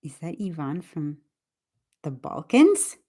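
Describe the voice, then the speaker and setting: A woman English teacher talking casually on a livestream, explaining her point in a thoughtful, deliberate way with frequent restarts. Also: low-pitched, sing-song, warm tone.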